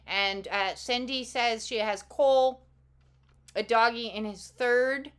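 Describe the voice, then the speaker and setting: A woman's voice: a little high, fairly even intonation, slow, clear, resonant tone. A woman hosting a casual live card-reading stream, talking to her viewers in a rambling, playful way with the odd swear word. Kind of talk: casual livestream chat.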